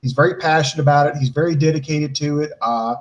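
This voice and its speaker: Male co-host, slightly high voice, newsy and conversational, feeds questions. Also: fast talker, lo-fi sound. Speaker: podcast co-host. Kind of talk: casual wrestling chat.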